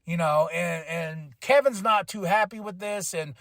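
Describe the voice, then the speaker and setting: A man's voice: sits high, measured pace, no room sound, studio quality. A man hosting a podcast, giving a casual, rambling wrestling recap and acting out what people said. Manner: rambling, animated, acts out quotes. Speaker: podcast host.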